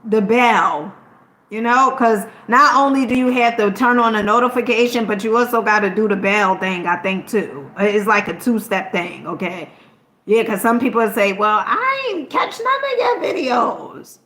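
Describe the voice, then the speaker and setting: A woman's voice: medium pitch, normal speed, a bit bright. Emphatic woman vlogger in an echoey room. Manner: emphatic and preachy, keeps asking "okay?", swears casually. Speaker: content creator. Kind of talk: motivational talk to camera.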